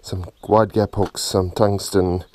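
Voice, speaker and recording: Low-voiced South African man, easygoing fishing vlog, noisy outdoor GoPro audio. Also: slow. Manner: relaxed, rambling with many fillers. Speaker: fishing vlogger. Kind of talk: casual vlog chat. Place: outdoors at a dam, partly on the water. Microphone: GoPro camera mic.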